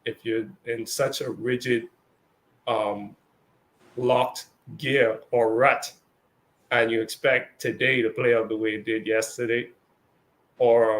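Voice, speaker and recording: A man's voice: medium pitch, a bit bright. A man co-hosting a casual spiritual discussion, talking loosely with lots of fillers and acted-out quotes. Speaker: co-host.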